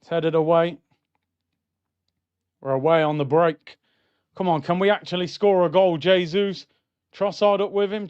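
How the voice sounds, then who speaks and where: A young man streams himself watching football live, his smooth, higher voice at normal speed. Excitable, he shouts when goals land, then grumbles and reads chat comments aloud; the audio has no echo and its highs are cut off.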